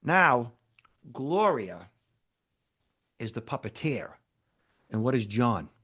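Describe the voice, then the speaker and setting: Speaking slowly in a medium-pitched, slightly rough voice, this male cybersecurity expert tells an interview story with lively energy. He acts out the dialogue and keeps asking "okay?" and "right?" to check his listener is following.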